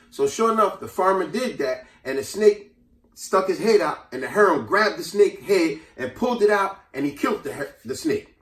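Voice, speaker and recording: A man's voice: sits high, normal speed. A man telling a fable and giving life advice in casual chat, acting out the characters as he goes. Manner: animated storyteller acting out characters' voices. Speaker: host. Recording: echoey room, mic at a distance.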